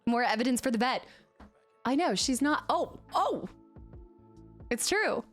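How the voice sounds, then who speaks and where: A woman streamer chatting casually on a live stream, excitable and giggly, cooing to her cat at her home desk. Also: fairly high pitch, unhurried. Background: faint film music.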